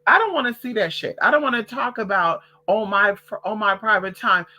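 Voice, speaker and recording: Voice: mid-range voice, brisk, pushed and bright. A vlogger ranting casually to the camera, sassy and profane, who calls listeners girl and honey and hammers phrases by repeating them.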